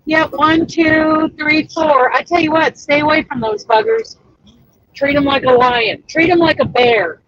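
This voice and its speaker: Excitable high-voiced woman, dull lo-fi sound. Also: unhurried, no room sound. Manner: chatty and excitable, exclaims often. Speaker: crochet pattern designer and host. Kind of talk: casual livestream chat.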